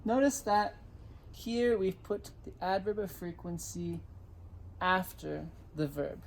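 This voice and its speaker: Slow, careful male language teacher. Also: sits high, vocal fry, slight background noise. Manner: repeats each word slowly for typing. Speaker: Spanish teacher. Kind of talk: slow dictation-style language lesson.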